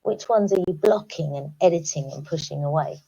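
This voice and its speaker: A woman speaking calmly to teachers, guiding them through reflective questions in a recorded online talk. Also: low voice, a little fast, gravelly, breathy edge, muffled recording. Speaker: education speaker. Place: home, recorded remotely.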